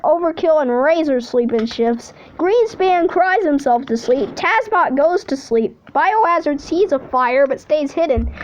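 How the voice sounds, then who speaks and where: High-voiced woman reading aloud playfully. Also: highs cut off, slight background noise. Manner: playful, cheers and jokes between readouts. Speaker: channel host. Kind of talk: reading simulator results aloud with commentary.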